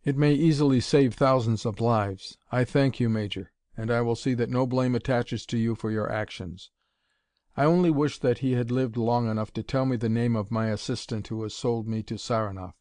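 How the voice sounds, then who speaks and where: A man's voice: medium pitch, fairly even intonation, moderate pace, a little mellow, dry recording, clean studio sound, natural voice. A man reading an audiobook, voicing an eager, commanding male scientist-detective in a raised, urgent voice. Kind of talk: audiobook character voice.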